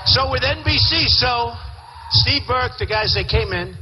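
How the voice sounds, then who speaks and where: A man's voice: very high voice, lively intonation, unhurried, sharp tone, shouting. Boastful man giving a rally speech in a big hall. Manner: boastful, repetitive, rambling. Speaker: presidential candidate. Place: large indoor rally venue. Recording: large hall reverb, faint crowd noise.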